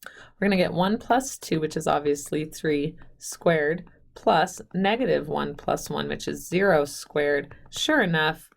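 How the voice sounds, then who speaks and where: A woman with a slightly low voice teaching math on video. She chats straight to her students and pokes fun at herself. Now and then she counts quietly under her breath while she sketches at the board. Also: unhurried, creaky. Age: adult, married with children. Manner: chatty, self-deprecating, talks straight to the students; counts aloud softly while drawing. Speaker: math instructor. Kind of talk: recorded video math lecture.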